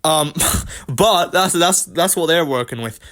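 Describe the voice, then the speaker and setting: A man's voice: a little high, expressive, fairly bright tone. Brash, profane young man ranting about fights. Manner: profane, rapid, brash slang-heavy ranting. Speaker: host. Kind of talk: MMA commentary rant.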